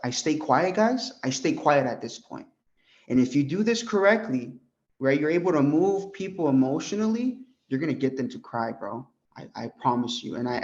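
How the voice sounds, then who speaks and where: A young American man training insurance agents, animated and full of "right?" as he role-plays his pitch. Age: young adult. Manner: animated, peppers talk with "right?" and "bro". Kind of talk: sales coaching talk with role-played pitch. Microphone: group call. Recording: dull lo-fi call audio.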